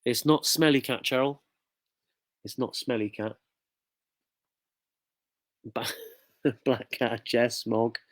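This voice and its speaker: A chatty man from the UK hosts a casual festive quiz. He jokes along and reads out viewer comments. His voice sits at a middling pitch and sounds close and dry. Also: slow, pauses often, no room sound. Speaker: quiz host. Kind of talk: casual live quiz chat.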